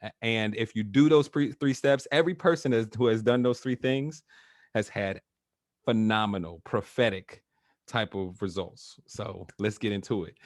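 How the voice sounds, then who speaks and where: A man's voice: fairly low pitch, normal speed, no room sound, clean studio sound. A man working as a coach who talks in a casual, chatty way, with filler words and frequent laughs, over a video call. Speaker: NLP trainer, guest.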